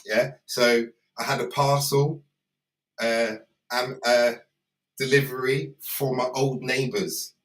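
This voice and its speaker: A man's voice: mid-range voice, fairly even intonation, slow pace, a bit bright. Chatty man, roomy and a bit distant. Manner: laughing, storytelling, loose and chatty. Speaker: performer co-hosting a livestream. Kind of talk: casual chat.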